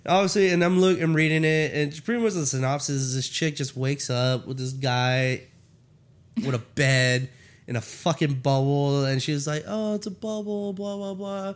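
A man co-hosting a podcast, chatting casually about comics in a rambling, profane way and acting out scenes in quick quoted voices. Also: mid-range voice, fairly even intonation, clean tone. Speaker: podcast co-host. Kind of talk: casual comic review chat.

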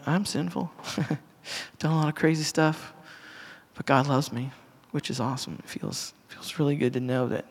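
Earnest man preaching in a reverberant hall. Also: medium pitch. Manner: earnest, conversational, with frequent restarts and asides to the audience. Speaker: pastor. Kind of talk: casual sermon to a congregation. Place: church hall. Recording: long reverb of a church hall.

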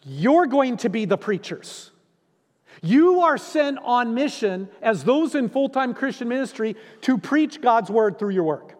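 High-voiced pastor preaching slowly in a hall. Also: male voice, big pitch swings, darkish tone. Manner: earnest, emphatic preaching with repeated phrases. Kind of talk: sermon. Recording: long reverb in a large hall.

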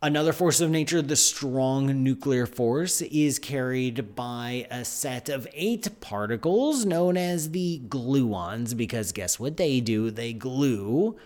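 A man hosting a live science show, talking in an excitable, animated, chatty way. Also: medium pitch, slow, hardly any pauses. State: out of breath. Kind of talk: live-stream science talk.

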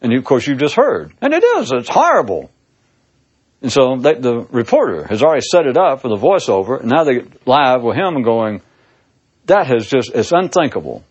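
Husky man musing aloud, lively and sarcastic, with a theatrical delivery; dull lo-fi audio. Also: medium pitch, brisk. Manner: sarcastic, theatrical, swooping emphasis. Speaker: speaker giving a monologue. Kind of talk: casual philosophical monologue.

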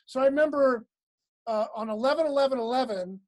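A woman's voice: high voice, brisk. A woman comedian chatting casually, telling stage stories and acting out voices with laughter. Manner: animated, acts out voices with laughter.

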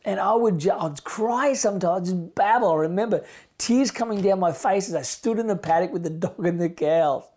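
A middle-aged man preaching a sermon as pastor, impassioned, moving between loud emphasis and hushed near-whispers. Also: sits high, brisk.

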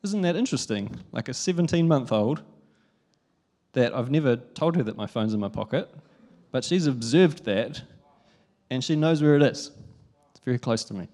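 A young New man preaching a sermon, telling a family story in a lively, chatty way with frequent laughs. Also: medium pitch, moderate pace, pauses often. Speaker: pastor.

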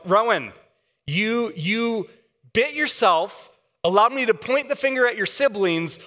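Male preacher, lively storyteller, bright, fairly high voice, hall reverb. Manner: animated storyteller, acts out voices. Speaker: guest pastor. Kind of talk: sermon with storytelling. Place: church sanctuary. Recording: long church hall reverb.

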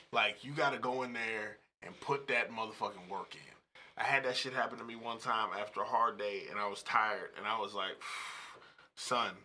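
A man co-hosting a podcast, telling crude, profane stories in loud casual banter. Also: mid-range voice, a little hiss or hum. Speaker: podcast co-host.

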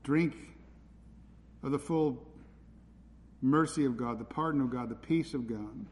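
A man's voice: mid-range voice, measured pace. A man preaching a sermon in a church, urgent and pleading as he presses his listeners. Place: church hall. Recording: hall reverb with faint ambient noise.

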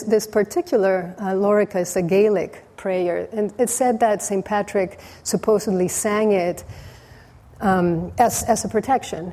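A woman teacher giving a dharma talk, telling a story in a relaxed way with frequent restarts. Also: medium pitch.

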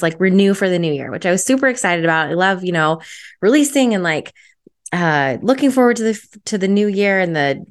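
Podcast host lady, kinda low voice, rambly and excited, says like a ton. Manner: chatty, filler-heavy with frequent "like"; enthusiastic, energetic. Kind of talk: casual personal storytelling.

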